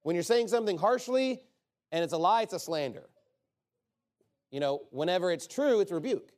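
A man's voice: high-pitched, expressive, normal speed, a little mellow. A man preaching a sermon in an emphatic, conversational way, often asking rhetorical questions.

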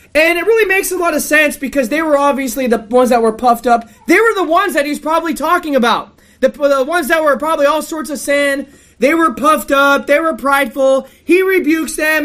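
A woman's voice: high voice, fairly bright tone. A woman reading scripture and preaching an emphatic, rebuking sermon.

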